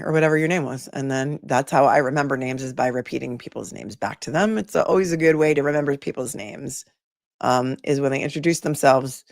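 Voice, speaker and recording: A woman's voice: sits low, no room sound. Chatty woman livestream host, dry sound. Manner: chatty, reads comments aloud and answers them. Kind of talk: casual livestream chat reading viewer comments.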